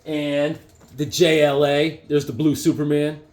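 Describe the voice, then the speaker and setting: Excitable man rambling about his comics. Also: fairly high pitch, unhurried. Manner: excited, rambling, with frequent fillers and restarts. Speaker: comic book collector reviewing issues. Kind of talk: casual show-and-tell vlog.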